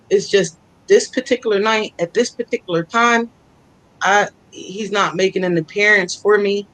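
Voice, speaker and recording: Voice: medium pitch, low-quality recording. A psychic co-host giving a casual live reading, chatty and laughing often as they relay messages from spirits.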